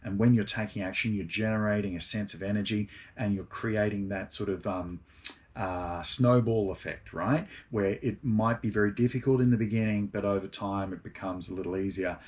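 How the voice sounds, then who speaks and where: A middle-aged man with a fairly low voice talks about gratitude the way a yoga teacher would. His delivery is relaxed and meandering, and it drifts through plenty of ums and uhs. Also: normal speed. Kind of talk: casual spoken talk on gratitude.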